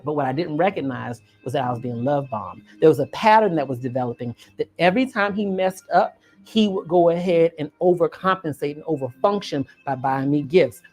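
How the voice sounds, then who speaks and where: A woman vlogger telling a personal story in a casual, expressive, emphatic way, often turning to the viewer. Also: low voice. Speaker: reaction channel host.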